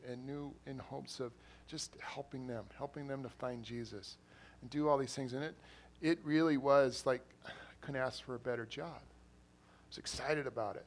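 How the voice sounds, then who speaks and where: A man's voice: medium pitch, vocal fry, a little hiss or hum. A man who is an assistant pastor, preaching an earnest sermon in a church, repeating phrases and rising to emphatic bursts. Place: church hall.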